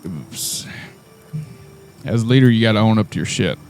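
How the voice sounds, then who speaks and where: A man's voice: lowish voice, expressive, moderate pace, over music. A man playing a tribal leader in a tabletop game, speaking earnestly with lots of hesitant fillers. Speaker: player. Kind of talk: in-character tabletop role-play.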